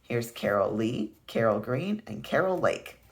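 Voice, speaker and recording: Man putting on a chipper literal-minded housekeeper lady, storybook voice, lively swoops, gravelly edge. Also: medium pitch, a little slow.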